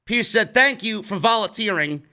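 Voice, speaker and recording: Brief: New York man, high bright voice, profane heated review rant. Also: animated, moderate pace, clean tone. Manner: heated, swears a lot. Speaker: wrestling show reviewer.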